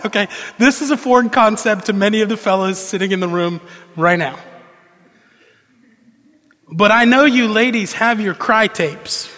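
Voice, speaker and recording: A male pastor preaching a sermon in a conversational, animated storytelling manner, in a church hall. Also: high-pitched, moderate pace, pauses often. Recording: long reverb of a large hall.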